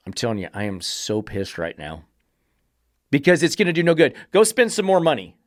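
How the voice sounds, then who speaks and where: A man with a fairly high voice rants on his dog-training podcast, sarcastic and exasperated, cursing as he tears into an article. The sound is dry and close, with no room around it. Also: sing-song, normal speed, no echo. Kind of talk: podcast rant reviewing an article.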